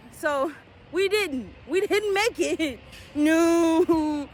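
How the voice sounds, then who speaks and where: A woman talking through a casual, emotional TV episode recap, shrieking at big moments and dropping to quiet murmurs at sad ones. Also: very high voice, drawn-out words. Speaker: TV recap vlogger. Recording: steady background traffic noise.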